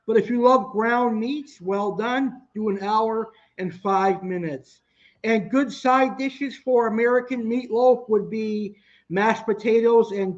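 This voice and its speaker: A young man teaching a cooking class, talking through recipe steps plainly with some restarts. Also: high-pitched. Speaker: cooking instructor. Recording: dull lo-fi sound.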